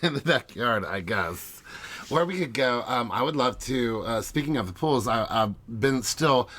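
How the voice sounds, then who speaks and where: A man co-hosting a podcast in casual chat from a small closet, chatty and quick to laugh. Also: mid-range voice, expressive, a bit bright. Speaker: podcast co-host.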